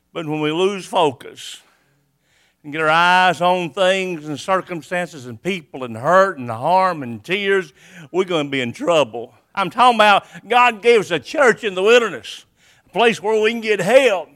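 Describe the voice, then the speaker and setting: A man preaching an impassioned sermon, rhythmic and swinging from hushed to loud. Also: high-pitched, animated, a little slow.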